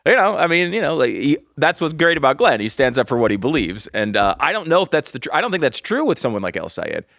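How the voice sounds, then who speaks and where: A man's voice: a little high, very animated, quick pace, gravelly, a bit bright, no echo, studio quality. A man hosting a podcast in casual comedic chat, laughing often and restarting his sentences. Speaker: podcast host.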